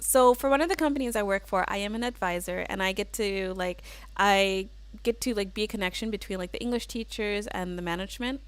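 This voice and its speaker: A woman's voice: mid-range voice, fairly quick, clear, resonant tone. A woman hosting a casual livestream, chatting and giggling as she reads out viewer comments with plenty of "like" and "um.". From United States. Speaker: livestream host.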